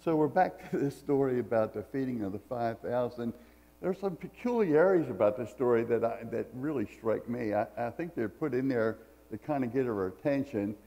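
A man's voice: medium pitch, lively intonation, moderate pace, dark tone, long reverb tail, poor audio. A man preaching a sermon in a church, reading scripture and telling folksy stories with jokes. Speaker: pastor. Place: church sanctuary.

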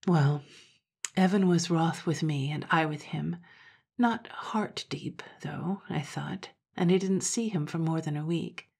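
A woman narrating an old-fashioned story in a soft, hushed, often half-whispered voice. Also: deep voice, a little slow, gravelly, breathy edge.

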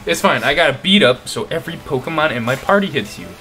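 Young man, casual game commentary, swears a lot, bright tone, swinging pitch, faint music behind. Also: fast. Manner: excitable, slangy, swears often. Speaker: let's play host.

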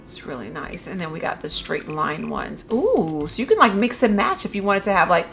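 A young adult woman giving excited, gushing commentary while touring new items in a video game, often calling out "y'all" to her viewers. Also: lowish voice, normal speed, vocal fry, soft background music. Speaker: gaming YouTuber.

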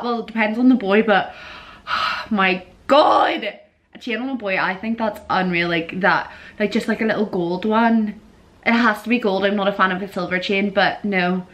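Giggly, animated young woman vlogger. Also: mid-range voice. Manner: giggly, animated, swoops into squeals and disgusted groans. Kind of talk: casual chatty vlog.

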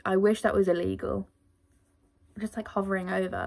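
A woman's voice: mid-range voice, flat delivery, normal speed, gravelly, a little mellow. A woman vlogger talking casually to camera in a rambling, chatty, self-deprecating diary style.

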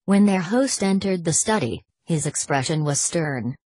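Low husky woman reading aloud. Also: lively intonation, moderate pace, darkish tone, no room sound. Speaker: audiobook narrator. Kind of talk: audiobook reading.

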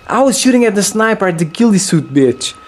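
Fairly quick in delivery, a young man rattles off excitable, unfiltered commentary on his gameplay, full of swearing and sudden shrill yelps.

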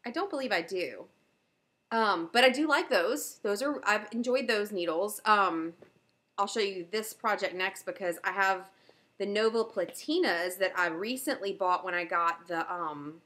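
Unhurried and medium-pitched, her voice comes across pushed and bright. The woman, from the Southern US, hosts a knitting video podcast where she casually and eagerly shows off her projects, with many fillers along the way.

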